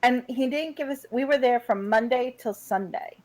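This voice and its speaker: A woman in her forties co-hosting a radio talk show, telling a story in brisk, casual chat. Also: fairly high pitch, rough recording. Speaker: radio co-host.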